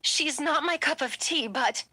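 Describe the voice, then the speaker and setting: A woman's voice: high voice, unhurried, bright, forceful tone, pitched above the performer's own voice. Woman reading as a cold, composed werewolf matriarch. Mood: defensive.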